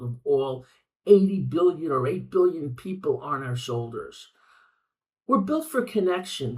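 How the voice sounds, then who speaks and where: A man's voice: high-pitched, a little mellow, distant mic, poor audio. An older man hosting a reflective podcast monologue, speaking earnestly and repeating phrases for emphasis. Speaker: podcast host.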